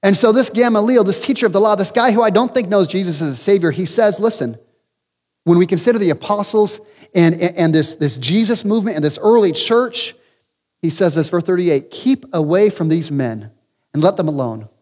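Man, pastor, sermon, high voice, long hall reverb, emphatic questions, joking asides. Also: a little fast. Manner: emphatic, rising to loud peaks with rhetorical questions; humorous asides.

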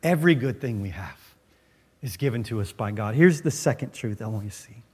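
A male pastor preaching a sermon in a church, emphatic, with dramatic pauses and sudden drops to a near-whisper. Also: mid-range voice, lively intonation, darkish tone, husky.

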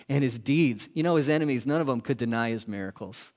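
A man preaching a sermon as a pastor, asking the congregation questions and moving between loud emphasis and hushed, quiet lines. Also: medium pitch, a little fast.

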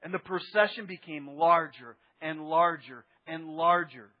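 A man pastor tells a story in an animated sermon, swinging between loud bursts and near-murmurs. His voice is high for a man and husky. The recording is dull and lo-fi, with a long reverb from the sanctuary. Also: measured pace.

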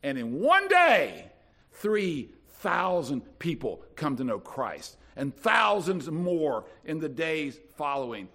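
A pastor from North Carolina, preaching a sermon with dramatic swings from soft to loud. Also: male voice, fairly high pitch, huge pitch swings, slow pace.

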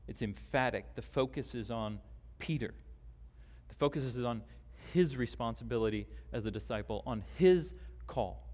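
A man preaching a sermon as pastor, deliberate and emphatic, with long pauses. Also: mid-range voice, darkish tone. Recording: long hall reverb.

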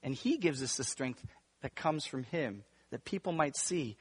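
A male pastor preaching a sermon, moving between hushed, intimate stretches and emphatic, raised passages. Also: mid-range voice, lively intonation, moderate pace, slightly rough. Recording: long reverb of a large room.

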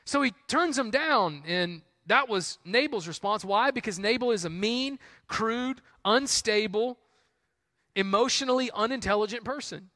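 A man's voice: sits high, a little slow, pushed and bright, no echo. A man preaching a sermon in a casual, conversational way, peppered with "like" and "man". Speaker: pastor.

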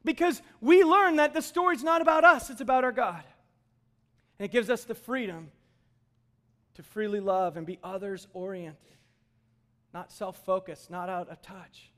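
A man with a notably high speaking voice delivers a sermon from the front of a church. He talks conversationally and jokes with the congregation as he preaches. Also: moderate pace, long pauses, a bit bright. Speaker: pastor.

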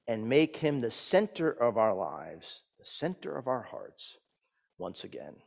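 A man pastor giving a sermon, swinging from loud emphatic peaks down to soft hushed lines. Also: medium pitch, sing-song, measured pace, gravelly. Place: church sanctuary. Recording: church sanctuary with long reverb.

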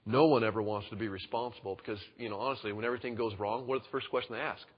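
A man's voice: on the low side, steady tone, very fast, husky. Man preaching in a long-echo hall. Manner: conversational, acts out quoted voices. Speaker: pastor. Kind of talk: sermon. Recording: dull sound in a reverberant hall.

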